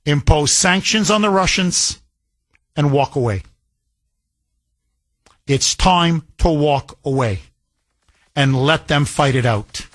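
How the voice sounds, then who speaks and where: A man's voice: fairly high pitch, slow pace, pauses often, a bit bright. A man hosting a talk radio show, delivering a scornful, emphatic opinion monologue from a radio studio.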